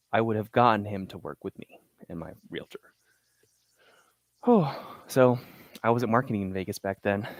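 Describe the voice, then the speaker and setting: A man's voice: mid-range voice, dry recording. A young man chatting casually to stream viewers about real estate wholesaling, a little out of breath. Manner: upbeat, chatty, talks to viewers between calls. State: out of breath after push-ups. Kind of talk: casual live-stream chat. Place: small cold room indoors.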